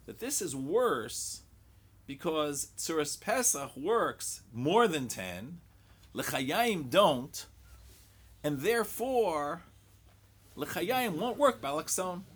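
A man's voice: fairly high pitch, big pitch swings, slow, a bit bright, husky. A man teaching a Talmud lecture. He mixes English with Hebrew and Aramaic study terms and thinks aloud in rhetorical questions, often repeating words.

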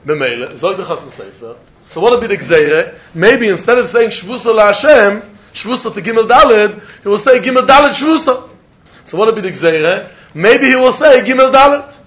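A man's voice: high voice, animated, moderate pace, a bit bright, dull audio. A man teaching a Talmud class, in a singsong study chant. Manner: singsong study chant, mixing English with Hebrew, Aramaic and Yiddish terms. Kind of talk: yeshiva-style Talmud lecture.

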